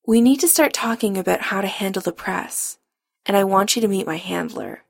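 A woman voicing a tender, coaxing male romantic lead in a storybook reading, speaking softly and low. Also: a little fast, creaky, breathy edge.

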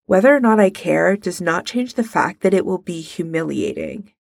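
A woman's voice: lowish voice, very animated, moderate pace, creaky, darkish tone, no echo, studio quality, heavily acted. A woman voicing a haughty young man who drawls and sneers, in a fan fiction reading. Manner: drawling, clipped and scornful. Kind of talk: fan fiction read aloud.

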